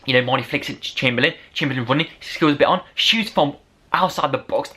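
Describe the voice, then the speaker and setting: A man giving an unedited, casual match review as a football fan vlogger, rambling and excitable, rising to shouts over the goals. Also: medium pitch, fast, breathy edge.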